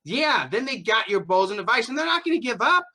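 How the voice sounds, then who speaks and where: A man's voice: very high-pitched, very animated, quick pace, pushed and bright, soft background music. A man hosting a podcast, ranting emphatically and swearing freely in a casual chat. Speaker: podcast host.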